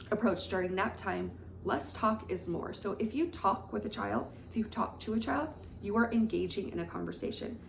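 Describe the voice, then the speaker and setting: A woman's voice: mid-range voice, creaky, slight background noise. A woman early childhood educator giving instructional talk in a conversational way. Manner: conversational, with frequent fillers. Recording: roomy echo.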